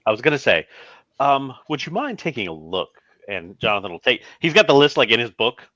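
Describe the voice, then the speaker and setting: A man's voice: medium pitch, very animated, brisk, bright, forceful tone, no room sound, muffled recording. A man playing his character in a tabletop game, speaking formally and narrating his own actions. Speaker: player. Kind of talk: in-character tabletop role-play.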